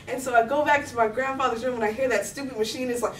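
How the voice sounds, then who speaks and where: A young woman with a fairly high voice tells a story to a live crowd, chatty and animated, stringing her sentences together with "like". She sounds a little distant from the mic, and the room around her echoes. Faint noise sits behind her voice. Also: quick pace, hardly any pauses. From Texas, USA. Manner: chatty, animated, heavy use of "like". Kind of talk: live story slam performance. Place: stage before a live audience in a hall.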